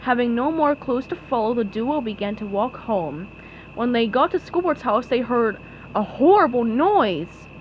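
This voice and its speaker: High, lively woman reading a storybook. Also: measured pace, lo-fi sound, a little hiss or hum. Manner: expressive, animated reading. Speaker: storybook reader. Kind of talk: reading a children's storybook aloud.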